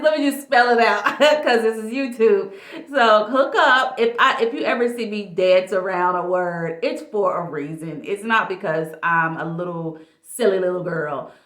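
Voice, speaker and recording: A woman life coach chatting casually in an advice vlog, speaking in a lively, animated way. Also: sits low. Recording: echoey room.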